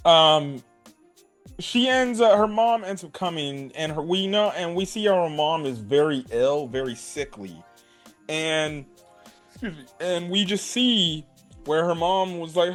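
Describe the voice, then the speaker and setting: Guy recapping an anime ep, kinda high voice, lots of "like", faint music behind. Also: a little slow. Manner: animated, swears, many "like"s and "right?". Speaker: anime reviewer. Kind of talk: casual anime episode recap.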